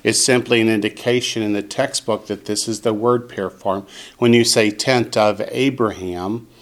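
A man teaching a Hebrew class, saying each word slowly and clearly so his students can repeat it. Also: on the low side, steady tone. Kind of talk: classroom lesson.

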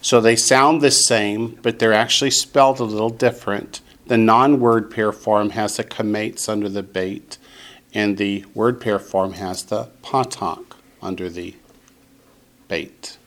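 Slow-spoken male language teacher. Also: on the low side, fairly even intonation, a bit bright. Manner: slow, deliberate, pronounces each word for the class to repeat. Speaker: Hebrew teacher. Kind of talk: classroom lesson. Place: classroom with students.

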